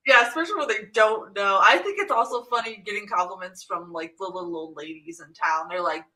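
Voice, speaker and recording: A soft-spoken woman co-hosting a live stream, chatting casually and using many fillers. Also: medium pitch, brisk, low-quality recording. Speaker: co-host.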